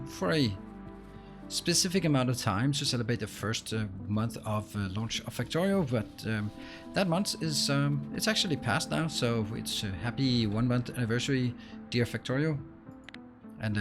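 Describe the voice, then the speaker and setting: A man hosting a let's play, explaining what he does as he plays and filling pauses with frequent ums and uhs. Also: medium pitch. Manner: explains while playing, with frequent fillers. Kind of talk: gameplay commentary.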